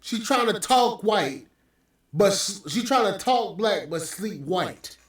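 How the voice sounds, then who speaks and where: A man's voice: sits high, expressive, slow. A man hosting a podcast, ranting with profane, scornful commentary. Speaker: podcast host. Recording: very echoey room, mic at distance.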